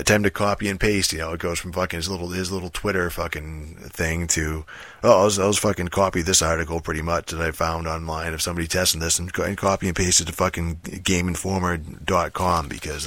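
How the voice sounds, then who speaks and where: A man's voice: deep voice, a bit bright, no room sound. A man ranting casually about a video game, profane and rambling, with many fillers and restarts. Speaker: gaming commentator.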